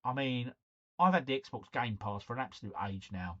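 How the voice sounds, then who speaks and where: A man's voice: mid-range voice, animated, moderate pace, fairly bright tone, dull audio. A man hosting a casual live stream, chatting to viewers, reading out quiz scores and breaking into bits of song.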